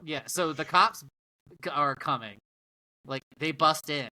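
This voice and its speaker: A podcast co-host with a slightly high, pushed and bright voice talks unhurriedly, casually recapping the plot of a TV episode. He's laid-back and agreeable, dropping the odd swear word, and the recording is low quality.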